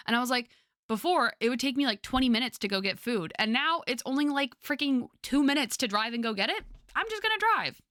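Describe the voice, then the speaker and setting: A woman's voice: on the high side, sharp tone, dry recording, clean studio sound. A young woman streamer chatting casually with her viewers, rambling with lots of fillers and frequent laughter.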